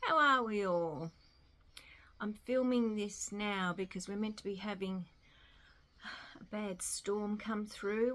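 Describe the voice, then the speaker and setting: A woman's voice: mid-range voice, a bit bright. An Australian woman talking casually to camera at home in a rambling, self-deprecating way. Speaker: vlogger. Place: home in Melbourne.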